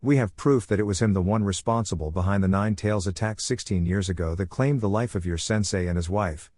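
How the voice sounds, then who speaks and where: Man reading as calm bossy ninja woman, low voice, dry close sound. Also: dry recording, lightly acted. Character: calm, authoritative female ninja team leader.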